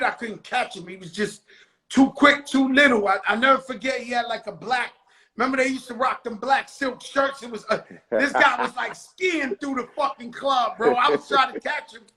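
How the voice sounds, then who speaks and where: A man with a very high, bright and forceful voice, hosting a casual chat. He talks excitedly in loose street slang and swears freely. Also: normal speed, low-quality recording. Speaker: host.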